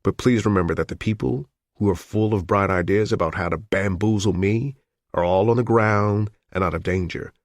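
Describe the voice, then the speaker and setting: A man's voice: lowish voice, moderate pace, dry recording, clean studio sound, lightly acted. A man voicing a tense, guarded male hijacker who gives firm, terse orders in an audiobook.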